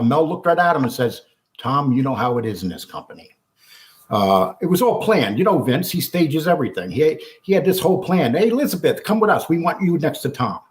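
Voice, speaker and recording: This is a man of middle pitch telling a story in an interview. He's blunt and animated, acts out other people's lines, and restarts his sentences often as he goes. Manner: animated storyteller acting out quotes, frequent restarts; blunt, swears freely. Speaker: guest.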